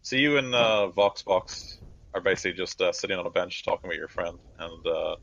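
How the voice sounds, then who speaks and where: A man narrating a tabletop role-playing session as game master, casual and filled with hesitations. His voice sits deep, and the recording sounds dull and lo-fi. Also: fairly quick, gravelly, fairly bright tone. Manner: loose, filler-heavy narration.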